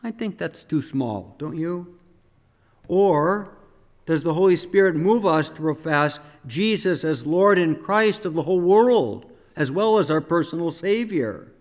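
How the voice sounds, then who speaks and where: A man's voice: high voice, big-room sound. A man preaching a sermon as a priest, conversational and asking the congregation questions. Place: church.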